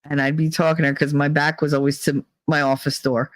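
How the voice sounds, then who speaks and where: A man's voice: on the high side, little pitch movement, fairly quick, a bit bright, no room sound, rough recording. A middle-aged man from New Jersey with a New Jersey accent, hosting a live stream in rambling, profane casual chat, laughing often. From New Jersey, USA.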